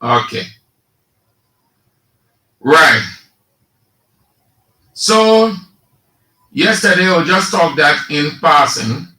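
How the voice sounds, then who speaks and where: A man with a Liberian English accent hosting a radio talk show, giving slow, sarcastic political commentary and reading statements aloud. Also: on the high side, very animated, pushed and bright, echoey room, rough recording.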